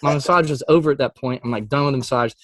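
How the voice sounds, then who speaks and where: Man, animated interview storyteller, quotes acted with jumps in pitch, laughs a lot, mid-pitched voice, dry close sound. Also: racing, no room sound. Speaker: Christian music artist guest.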